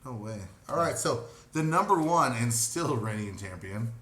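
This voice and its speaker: A young man co-hosting a podcast in casual chat, joking and excitable. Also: medium pitch, moderate pace. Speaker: podcast co-host. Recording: echoey room with faint noise.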